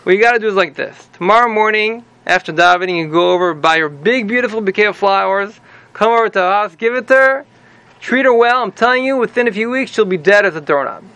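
A self-satisfied old rabbi explains his plans in a rambling, confiding voice, as a man puts him on. His voice is high and gravelly. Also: quick pace, pushed and bright, slight background noise. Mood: scheming. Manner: rambling, confiding, pleased with himself. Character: scheming, self-important older male rabbi.

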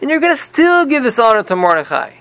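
A man's voice: very high voice, wildly swooping pitch, quick pace, a bit bright, pitched above the performer's own voice, heavily acted. A man voicing an ancient king who firmly refuses a minister's pleas. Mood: stern. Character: cold, unyielding male ancient king.

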